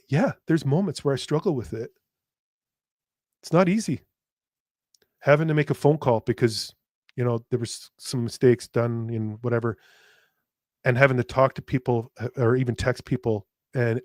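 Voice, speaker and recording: A man's voice: mid-range voice, no echo, clean studio sound. A man hosting a podcast who speaks candidly and emotionally, stumbling over restarts and repeated words, swearing bluntly now and then, and addressing his listeners directly. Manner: earnest, speaking straight to listeners. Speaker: podcast host. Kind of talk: candid personal podcast monologue.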